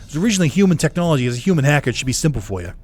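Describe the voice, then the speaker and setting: A man's voice: a little high, very animated, rapid-fire, darkish tone. A man voicing a haughty, scornful male demon lord in a put-on Boston accent, reading game dialogue in a stiff, formal, dramatic way. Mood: disdainful.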